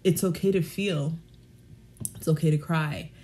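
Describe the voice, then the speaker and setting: A woman's voice: low voice, fairly even intonation, unhurried, darkish tone. A woman podcast host reflecting on a guest's story in an encouraging way. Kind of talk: reflective conversation. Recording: clear background noise.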